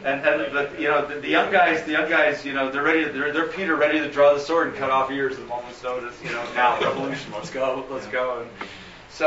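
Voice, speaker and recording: A man talking casually as a pastor and host, telling stories and often repeating his words. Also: medium pitch. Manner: rambling, repeats words, storytelling. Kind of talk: casual chat. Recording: roomy, distant, dull, noisy.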